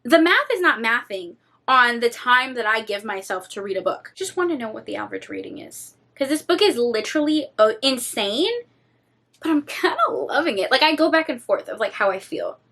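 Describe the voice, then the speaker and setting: A young woman chatting casually in a reading vlog, dramatic and animated, swearing freely. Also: on the high side, moderate pace. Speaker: book vlogger.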